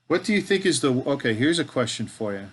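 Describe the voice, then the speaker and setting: A middle-aged Canadian man hosts a live stream while building a toy kit, chatting casually and joking with himself as he goes. His voice is medium-pitched and sing-song with a breathy edge, and he talks a little fast.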